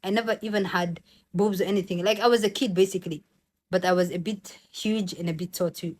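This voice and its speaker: A young woman from Somalia, telling a personal story in a casual, animated vlog and acting out the other people's voices. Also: medium pitch, a little fast. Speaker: vlogger.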